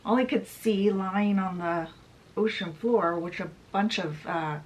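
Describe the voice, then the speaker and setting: A woman's voice: medium pitch, measured pace, slight background noise, poor audio. A woman casually retelling a book's story, chatty and full of fillers. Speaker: book channel host. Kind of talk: casual book summary retelling.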